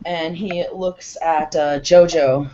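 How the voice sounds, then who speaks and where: A relaxed woman narrating a tabletop game as game master, heard on a dull lo-fi recording. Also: low voice, slow pace, over music.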